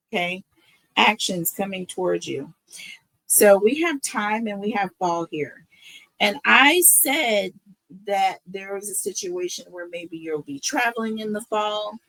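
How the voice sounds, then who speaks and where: Slow, emotional woman tarot reader. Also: mid-range voice, a bit bright, no room sound, low-quality recording. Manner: emotional, repeats phrases, asks "okay?" and "right?". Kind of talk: tarot reading monologue.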